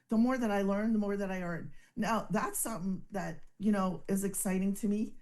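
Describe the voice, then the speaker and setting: Brief: woman, mid-pitched and earnest, telling her success story on a video call. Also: a little mellow. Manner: earnest, emotional, fast-talking storyteller. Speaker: business testimonial speaker. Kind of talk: personal success testimonial.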